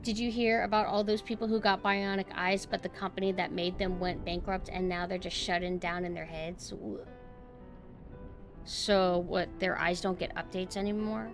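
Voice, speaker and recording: A woman streamer chatting casually with her viewers in a dry, deadpan monotone. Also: fairly low pitch, moderate pace, over music.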